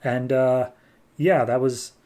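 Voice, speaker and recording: A man's voice: medium pitch, steady tone, slow pace, dark tone, close to an everyday voice. A man voicing a smug male demon prince who delivers threats in a casual, mock-polite way.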